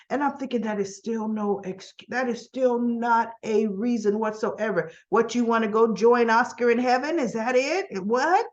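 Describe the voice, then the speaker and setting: A woman's voice: on the high side, normal speed, hardly any pauses, highs cut off. A woman casually recapping a soap opera episode, acting out the characters' lines and adding exasperated asides.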